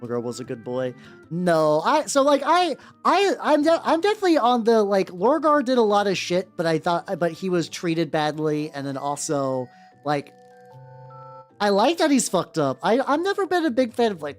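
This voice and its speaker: A woman's voice: mid-range voice, sing-song, moderate pace. A woman chatting casually on a live stream while painting miniatures, rambling with lots of fillers and casual swearing. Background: faint background music.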